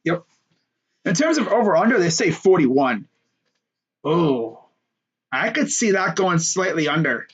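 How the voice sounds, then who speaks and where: A man's voice: on the high side, big pitch swings, a little slow, pauses often, husky, highs cut off. Young man rambling through sports picks. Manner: joking, rambling, fillers and trash talk. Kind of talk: casual solo sports talk.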